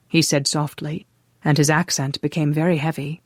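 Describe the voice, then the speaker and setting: An audiobook narrator reading a romance novel in an even, measured way. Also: medium pitch, no echo, clean studio sound. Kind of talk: scripted narration.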